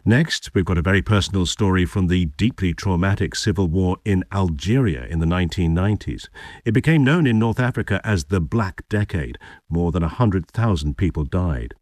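A male programme presenter introducing items in a lively, clear way. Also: sits low, normal speed, no room sound, studio quality. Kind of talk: news presenting.

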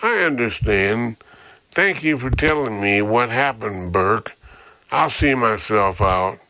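A man reading an audiobook, voicing a steady middle-aged police captain who speaks in a measured, restrained way. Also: fairly low pitch, dry recording, muffled recording, exaggerated voice.

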